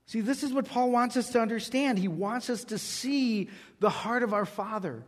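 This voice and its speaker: High-voiced preacher in a reverberant hall. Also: male voice, normal speed. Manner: animated storyteller acting out dialogue. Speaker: pastor. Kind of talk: sermon with storytelling.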